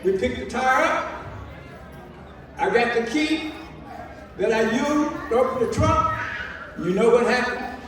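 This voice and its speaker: Male reverend, animated storyteller, high voice, recorded from afar in a reverberant hall. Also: measured pace, long pauses, crowd noise. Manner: lively storyteller acting out dialogue. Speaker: reverend telling a personal story. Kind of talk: storytelling speech at a celebration. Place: large hall. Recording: echoey hall from far off.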